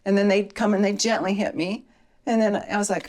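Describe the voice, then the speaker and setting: A woman's voice: mid-range voice, steady tone, fairly quick, darkish tone. Woman podcast guest, firearms instructor; earnest, storytelling manner. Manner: earnest, storytelling, emotional at times. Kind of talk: casual podcast chat.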